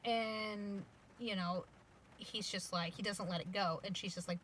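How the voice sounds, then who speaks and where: A woman's voice: mid-range voice, unhurried, slight background noise, poor audio. Chatty woman telling a story. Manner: chatty, many fillers, animated. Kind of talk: casual storytelling.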